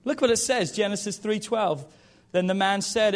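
High-voiced preacher in his thirties. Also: normal speed. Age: 30s. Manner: lively, jokey asides to the congregation. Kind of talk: sermon.

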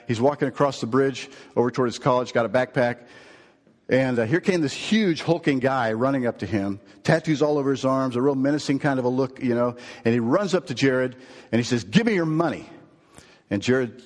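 A male pastor delivers a sermon in a mid-pitched voice, carrying a story along with animated quoted lines. The sound rings with the long reverb of a church hall.

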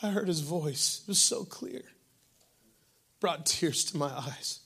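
Man preaching a sermon, high-pitched, bright and forceful, swings from shouting to whispering. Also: lively intonation, takes it slowly. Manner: preaching with big swings from shouting to hushed, breathy tones. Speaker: pastor.

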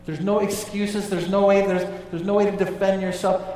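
Male pastor, slightly high voice, emphatic sermon delivery with low hushed drops; long-reverb church hall, mic at a distance. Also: flat delivery, moderate pace, soft background music. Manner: emphatic, drops low and quiet on key phrases.

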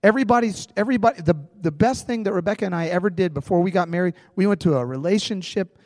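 Pastor guy telling a story from the pulpit, chatty and animated, close dry mic but big church reverb. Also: sits high, quick pace. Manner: conversational, animated storytelling with restarts. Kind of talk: sermon with personal story.

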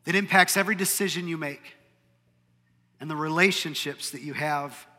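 A man preaching a sermon to a room, with dynamic delivery that swings between loud emphasis and hushed moments. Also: a little high, moderate pace. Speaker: pastor. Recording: long hall reverb.

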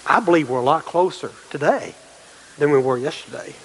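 A man delivers a sermon in a fairly high voice. He preaches emphatically, repeating phrases and swinging from loud, lifted lines to quiet ones. The sound rings with a long reverb, as in a church. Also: a little fast, slight background noise. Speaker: pastor.

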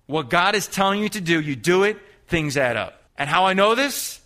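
With a high, sharp, animated voice at a moderate pace, a male youth preacher drives his sermon home through repetition. He presses the congregation to respond, call-and-response style.

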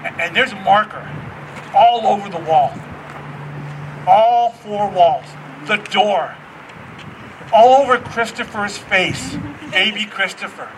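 A middle-aged man preaching a storytelling sermon as pastor, animated and acting out the voices in his stories. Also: high voice, slow, pauses often, far from the mic, a little hiss or hum, low-quality recording.

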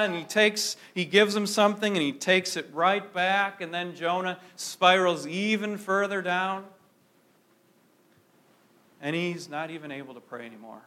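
A pastor with a fairly high, slightly bright voice delivers a sermon to his congregation. His style is conversational, and he often puts questions to his listeners.

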